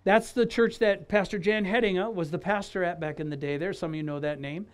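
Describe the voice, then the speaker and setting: A man from Wisconsin giving his personal testimony in an animated storytelling style, acting out dialogue and restarting his phrases often. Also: high voice, fairly quick, clear, resonant tone. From Wisconsin, USA.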